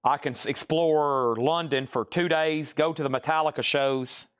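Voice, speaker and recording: His voice is steady, clean, a bit bright and on the higher side, moving at a moderate pace. This Southern American man runs a live record sale with easygoing, rambling talk and frequent laughs.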